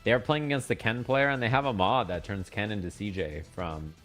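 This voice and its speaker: A man's voice: lowish voice, fairly quick, a bit bright, faint music behind. A man commentating a fighting game stream in a laid-back, conversational way. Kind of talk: esports commentary.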